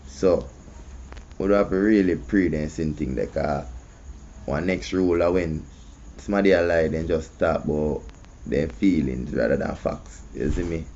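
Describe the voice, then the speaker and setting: A man's voice: rumbling low, normal speed, mellow, slight background noise. A man with a Jamaican accent hosting casual commentary, often asking "you see me". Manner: conversational, repeats "you see me". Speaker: host. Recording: muffled lo-fi audio.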